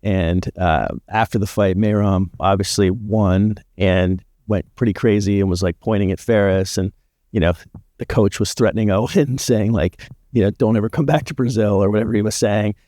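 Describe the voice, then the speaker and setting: A man's voice: lowish voice, moderate pace, dry recording, studio quality. A man guesting on a podcast, telling casual stories with many "like" fillers. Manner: relaxed storyteller with frequent "like" fillers. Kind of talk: casual storytelling chat.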